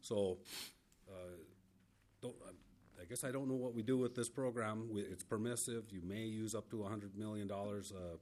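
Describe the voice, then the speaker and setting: Deep-voiced halting senator. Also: male voice, fairly even intonation, darkish tone. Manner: halting, many filler words. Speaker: committee chair, state senator. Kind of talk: committee hearing questioning.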